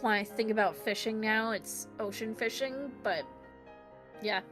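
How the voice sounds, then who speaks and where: A woman's voice: a little high, measured pace, music in the background. A woman guest in a casual chat about a video game, giggly and hesitant, with many fillers.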